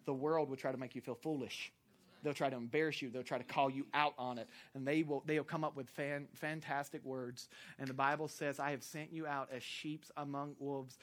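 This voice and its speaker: A male minister with a Southern US accent and a voice on the high side delivers a sermon, moving between loud, impassioned preaching and quiet storytelling.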